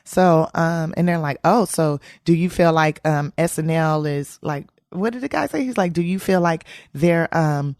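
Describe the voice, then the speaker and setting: A woman's voice: low voice, unhurried, few pauses, no echo, studio quality. A woman comedian being interviewed, telling stories in a casual way and acting out the voices of people she quotes. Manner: animated storyteller, acts out quoted voices. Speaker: comedian guest.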